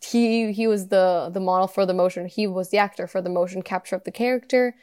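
A woman's voice: mid-range voice, fairly even intonation, brisk, darkish tone. Giggly young woman co-hosting a podcast. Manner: giggly, swears casually. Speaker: podcast co-host. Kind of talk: casual chat.

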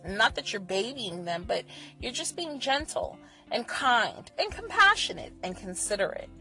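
A woman giving candid, profane encouragement about living with anxiety, moving between soft, gentle reassurance and loud, animated venting. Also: mid-range voice. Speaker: vlogger sharing anxiety coping advice. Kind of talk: candid motivational monologue.

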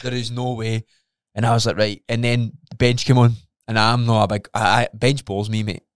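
A man's voice: mid-range voice, moderate pace, clear, resonant tone, no echo, clean studio sound. Swearing man telling a story. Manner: animated storytelling, swears often, acts out his own reactions. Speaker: podcast co-host. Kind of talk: casual chat.

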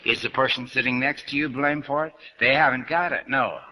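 A man's voice: mid-range voice, fairly even intonation, fairly quick, bright, forceful tone, low-quality recording. An older man giving a spiritual lecture to an audience, blunt and questioning, speaking straight to his listeners. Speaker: New Thought lecturer.

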